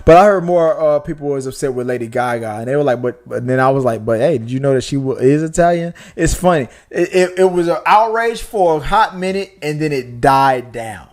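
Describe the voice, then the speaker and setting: The speaker, a young man hosting a podcast, has a fairly high voice and talks a little fast with few pauses. It's a casual, rambling and animated chat, peppered with swearing and restarted phrases.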